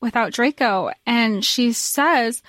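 A woman's voice: a little high, takes it slowly, fairly bright tone, no echo, clean studio sound. A woman co-hosting a podcast, recapping a story in casual chat, earnest and rambling with lots of fillers. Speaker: podcast co-host.

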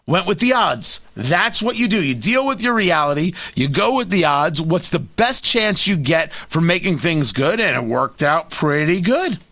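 Male host, high and animated, emphatic and repetitive opinion talk. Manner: emphatic, repetitive, sarcastic asides. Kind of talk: opinionated political commentary.

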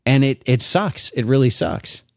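A man's voice: mid-range voice, expressive, a little slow, vocal fry, no room sound, studio quality. A father telling a rambling parenting anecdote in casual podcast chat.

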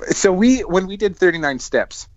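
Male podcast co-host, animated laughing storyteller, lo-fi dry sound. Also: sits high, moderate pace, no echo. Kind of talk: casual chat. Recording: dry, dull lo-fi mic.

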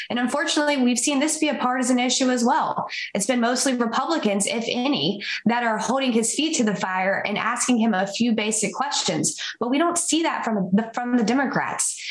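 A woman's voice: a little high, echoey room, rough recording. A woman guest in a casual talk, earnest and opinionated, with hesitant fillers. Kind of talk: casual chat.

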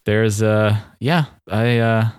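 A man co-hosting a podcast in casual chat, wry and quick to laugh. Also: on the low side, fairly even intonation, clear, resonant tone, no room sound, studio quality. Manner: chatty, laughs often, wry asides. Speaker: podcast co-host.

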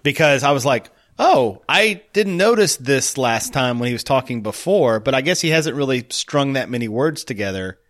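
A man co-hosting a podcast, chatting casually, laughing often and tossing in quick asides. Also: mid-range voice, animated, fairly bright tone. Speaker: podcast co-host. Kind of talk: casual chat.

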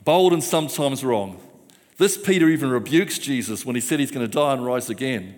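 A man's voice: mid-range voice, animated, brisk. A man preaching a sermon, rousing the congregation with repeated call-and-response phrases. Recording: long church hall reverb.

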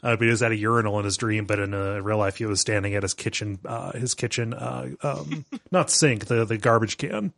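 A man co-hosting a podcast, telling stories in animated casual chat with frequent chuckles. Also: fairly low pitch, fairly quick, vocal fry, few pauses, no echo. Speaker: podcast co-host.

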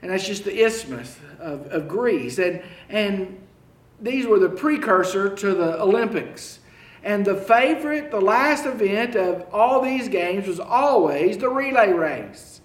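A man preaching a sermon, slow and halting, often repeating key phrases for emphasis. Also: high voice, expressive, roomy sound. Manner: slow, halting delivery with frequent fillers and restarts.

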